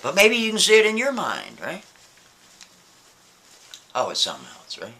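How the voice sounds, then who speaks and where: Male storyteller, chatty and animated, forceful bright voice, checks in constantly. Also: high voice, moderate pace. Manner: casual, keeps asking "right?". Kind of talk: spooky story narration.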